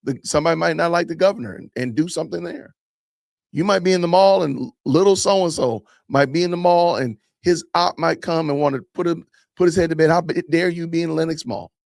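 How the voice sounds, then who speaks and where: A podcast host reacting to a clip, emphatic and sarcastic, repeating phrases for effect. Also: male voice, on the high side, brisk, vocal fry, darkish tone, dry recording, clean studio sound. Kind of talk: reaction commentary.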